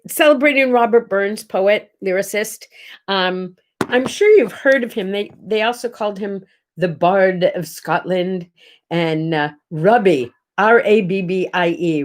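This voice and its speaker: A middle-aged woman hosting a casual live morning chat, rambling and greeting viewers by name. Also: mid-range voice. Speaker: host.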